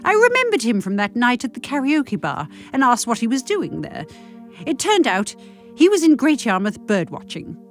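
A woman reading a comic monologue with dry, deadpan delivery. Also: a little high, moderate pace, soft background music. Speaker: comic storyteller.

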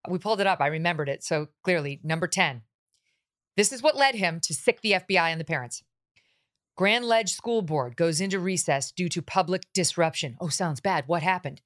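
A woman's voice: lowish voice, expressive, a little fast. A woman hosting a political talk show, talking with sarcasm and mocking asides. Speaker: host.

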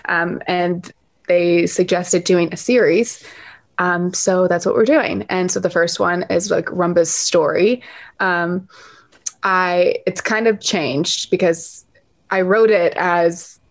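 A woman's voice: on the low side, slow pace. Chatty woman telling a dog story. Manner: chatty, filler-heavy, animated retelling with lots of "like" and "um". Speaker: guest, dog rescuer and children's author. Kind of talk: casual interview storytelling.

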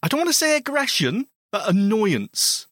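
A man's voice: sits high, wildly swooping pitch, moderate pace, fairly bright tone, no echo, clean studio sound. A man co-hosting a podcast, teasing his partner in playful casual chat. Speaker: podcast co-host.

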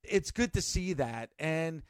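A man hosting a wrestling radio podcast, energetic and announcer-like when he opens the show. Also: fairly high pitch, slow, smooth, dry recording, clean studio sound. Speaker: podcast host.

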